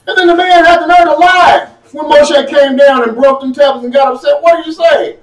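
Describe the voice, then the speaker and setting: A man preaching a sermon in a folksy, animated way, firing off rhetorical questions at his congregation. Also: very high-pitched, fairly quick, hardly any pauses. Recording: echoey room, mic at a distance.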